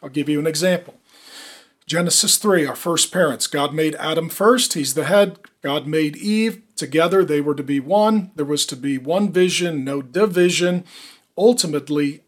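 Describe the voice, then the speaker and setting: A middle-aged man preaching a sermon, emphatic, punching key words as he drives each point home. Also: a little high. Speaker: pastor.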